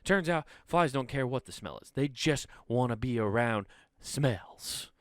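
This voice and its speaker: A man's voice: mid-range voice, animated, a little slow, dry recording, studio quality. Profane rambling man hosting a podcast. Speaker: comedian podcast host. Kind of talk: casual solo comedy podcast rant.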